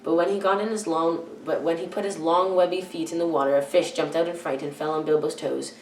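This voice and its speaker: A teenage girl reading a children's novel aloud, careful and halting, often stumbling and correcting herself. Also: low-pitched, fairly even intonation, slight background noise. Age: teens. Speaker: youth reader. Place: church hall. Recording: echoey room, far from the mic.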